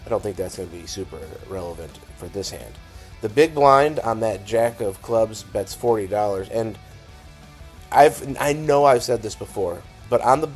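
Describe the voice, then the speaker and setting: A hoarse man with a raspy, scratchy voice, narrating his poker hands in a casual, wry voice-over. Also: fairly low pitch. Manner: casual, wry, self-deprecating. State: hoarse, dry scratchy throat. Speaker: poker vlogger.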